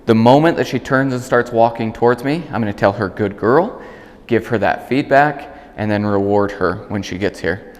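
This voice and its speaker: A man working as a dog trainer, calmly explaining an outdoor training demonstration and breaking off to call and praise the dog. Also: normal speed, in a large hall. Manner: calm explaining, bursts of high praise calls to the dog.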